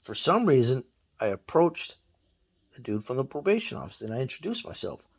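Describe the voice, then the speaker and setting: A man telling a story in blunt, profane, animated casual talk. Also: medium pitch, a little fast, vocal fry, breathy edge. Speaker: guest storyteller.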